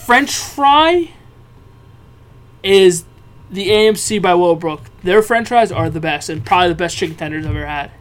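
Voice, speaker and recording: A man's voice: sits high, animated, normal speed. A man in his twenties co-hosting a casual podcast, teasing and playful. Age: 20s. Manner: teasing, playful, laughs at jokes. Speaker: podcast co-host. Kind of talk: casual chat.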